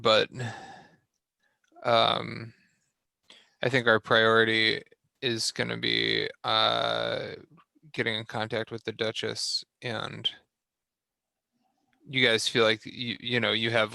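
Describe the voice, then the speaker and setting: Brief: gravelly, bright-edged man, player at a game table, halting casual talk. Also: mid-range voice, little pitch movement, no echo. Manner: halting, filler-heavy planning.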